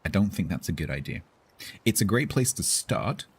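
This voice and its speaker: A man's voice: low voice, big pitch swings, moderate pace, slightly rough. A man streaming live, chatting casually with his viewers about role-play characters in a rambling, self-interrupting way.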